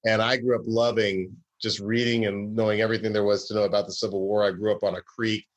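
A man's voice: on the low side, flat delivery, fast, muffled recording. A man from Georgia, a comedy writer, telling stories in a casual interview with a wry, rambling, self-correcting way of talking. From Southern US, Georgia.

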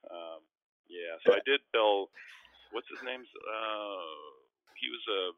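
A man's voice: on the low side, slow pace, no echo. A man, a former pro basketball player, telling rambling, self-deprecating stories in a casual call. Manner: self-deprecating, rambling anecdotes with many restarts. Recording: tinny phone-line audio, dry.

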